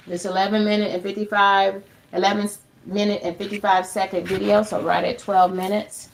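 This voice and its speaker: With a mid-range, gravelly voice, a woman hosts a relaxed tutorial livestream. She chats cheerfully with viewers as if they're friends, speaking of herself in the third person by name.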